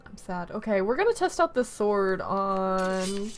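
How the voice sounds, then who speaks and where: A woman gamer giving casual, excitable, giggly let's-play commentary. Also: mid-range voice, measured pace.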